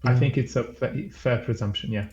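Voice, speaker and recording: A man playing a tabletop game, halting and searching for words as he describes things. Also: mid-range voice, a little mellow, lo-fi sound. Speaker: player.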